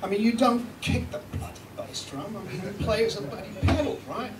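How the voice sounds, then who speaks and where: This British recording engineer presents a live seminar with a demonstration, his voice sitting high with a steady tone and a brisk delivery. He keeps things chatty and jokey, swearing lightly as he goes. He's picked up from far off in an echoey room, with noise in the background.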